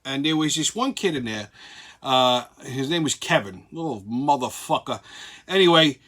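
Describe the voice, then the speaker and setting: A man's voice: medium pitch, lively intonation, moderate pace, a bit bright. A middle-aged man from Brooklyn with a New York accent, hosting a show and telling a profane story in a brash, swaggering way. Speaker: host.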